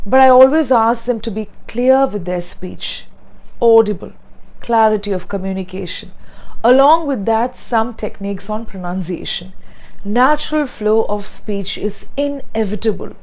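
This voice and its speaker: A woman's voice: a little high, a little mellow, rough recording. Earnest pronunciation teacher, woman. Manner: earnest and explanatory, spelling out word sounds slowly. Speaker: English pronunciation trainer. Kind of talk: spoken teaching monologue.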